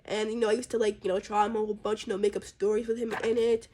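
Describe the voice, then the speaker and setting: A woman's voice: mid-range voice, flat delivery, rapid-fire, dark tone, a little hiss or hum. A woman casually chatting about her drawn characters, rambling and chatty, with plenty of fillers. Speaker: artist presenting her characters. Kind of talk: casual chat.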